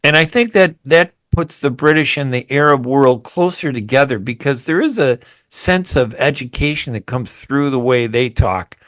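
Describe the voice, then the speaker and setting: A man's voice: mid-range voice, moderate pace, few pauses, fairly bright tone, no echo. A man hosting a radio interview, chatty and rambling, often restarting his sentences. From United States. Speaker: radio host. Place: radio studio.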